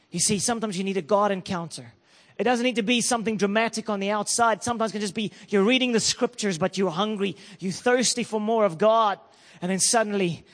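A man preaching a sermon, telling an emotional story and building to loud declarations. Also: high-pitched, fairly quick, in a large hall.

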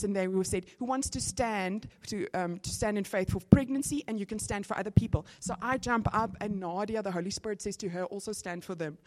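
A middle-aged woman tells a church story with lively storytelling. She slips easily into sudden bursts of excitement. Her pitch sits in a middle range for a woman. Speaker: speaker giving testimony. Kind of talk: sermon testimony.

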